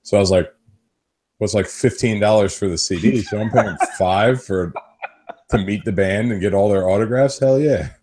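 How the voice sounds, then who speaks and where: A man's voice: on the low side, moderate pace, mellow, slight background noise. A man in his thirties telling rambling stories on a podcast, swearing freely. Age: 30s. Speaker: podcast host. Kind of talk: casual chat.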